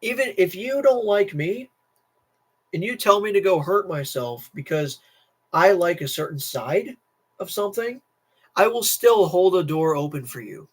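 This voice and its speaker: Teenage male streamer, tired, rambling rant, frequent restarts, fairly high voice. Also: lively intonation, measured pace, husky. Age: teens. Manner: restless, repeats himself, many restarts. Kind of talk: casual political rant to camera.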